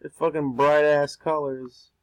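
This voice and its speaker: Young man, higher voice, casual talk while drawing, rambling, swearing, dry close sound. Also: level tone, measured pace, a little mellow, dry recording, poor audio. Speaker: art streamer.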